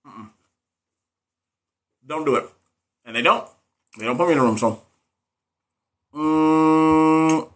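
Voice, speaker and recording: A man hosting a casual livestream, talking straight to his viewers in an animated, blunt way and sometimes swearing. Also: on the high side, slow pace, long pauses. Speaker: livestream host giving nursing exam advice.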